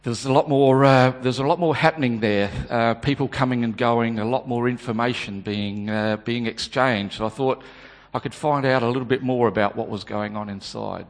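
A man's voice: mid-range voice, steady tone, moderate pace, few pauses, close to an everyday voice. A man performing a dramatic monologue as a remorseful male disciple, stammering and repeating his words. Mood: flustered. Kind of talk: dramatic first-person monologue. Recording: long hall reverb.

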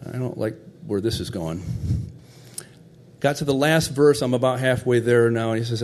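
A man's voice: medium pitch, moderate pace, a little mellow. A middle-aged man telling a heartfelt personal story in a conversational, tender way.

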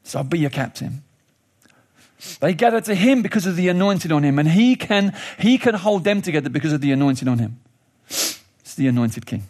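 Man, preacher, high-pitched, sermon, animated, thinking aloud. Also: fairly quick. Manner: animated storytelling, rising pitch in questions; frequent restarts and thinking aloud.

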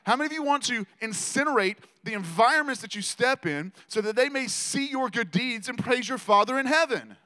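A man preaching a conversational sermon, joking with the congregation between loud declarations and quiet asides. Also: very high-pitched, expressive, brisk, few pauses, in a large hall. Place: church gathering.

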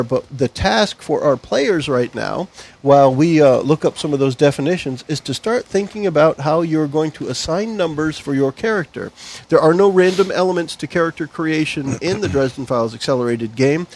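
A man running a tabletop game as game master, explaining the rules in a measured way with some hesitant fillers. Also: fairly high pitch, a little mellow.

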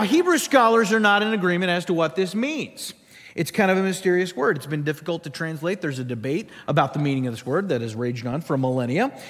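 A man's voice: high voice, a bit bright, in a large hall. A man preaching a sermon as a pastor, telling a story with humorous asides.

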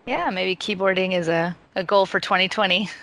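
A woman's voice: mid-range voice, fairly quick, a bit bright, no room sound. A woman hosting a conversational interview, asking open questions in an inviting way. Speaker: podcast host.

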